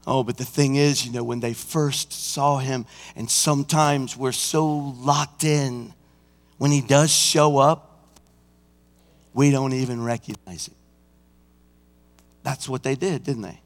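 A senior pastor preaching a sermon, swinging from hushed, intimate passages to shouted climaxes, sometimes singing and acting out scenes. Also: male voice, mid-range voice, steady tone, slow, pauses often, in a large hall. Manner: breaks into song and acts out scenes. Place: church sanctuary.

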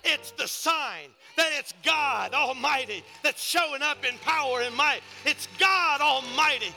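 Male pastor, high bright voice, preaching in a reverberant sanctuary with soft music behind. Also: unhurried, creaky. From Ohio, USA. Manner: storytelling, swings from hushed asides to shouted preaching. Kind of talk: sermon. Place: church sanctuary. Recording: church service with long reverb and faint music.

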